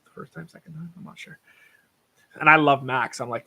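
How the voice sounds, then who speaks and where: A man's voice: fairly high pitch, fairly quick, creaky, pauses often, sharp tone, husky. A young man hosting a casual livestream, rambling through tangents about sports bets and swearing freely. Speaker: livestream host.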